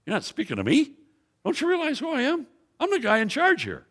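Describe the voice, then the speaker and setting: A man's voice: extremely high pitch, wildly swooping pitch, brisk, a bit bright, pitched above the performer's own voice, heavily acted. A man voicing an anxious Roman governor who is torn over a decision and questions and pleads urgently. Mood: exasperated.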